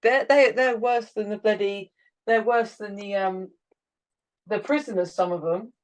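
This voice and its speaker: A woman hosts an informal conversation with a guest. She reacts with loud exclamations and casual swearing, chatty and unguarded. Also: medium pitch, steady tone, unhurried, poor audio. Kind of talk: casual chat.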